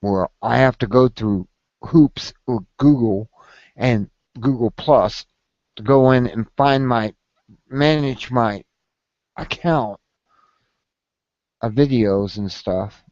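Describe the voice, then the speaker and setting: A man complaining on a casual vlog in a slow, rambling and profane way. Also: medium pitch, a little mellow, no room sound, highs cut off. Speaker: video blogger.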